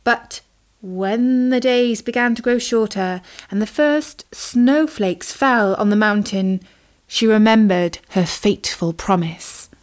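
A woman storyteller reading a children's fable in a slow, measured, clear manner. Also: medium pitch. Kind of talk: storybook narration.

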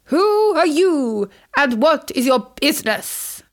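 A woman's voice: sits high, very animated, slow, voice pushed up, full character voice. A woman voicing a clever male hare in a storybook, speaking in a pompous, grand manner.

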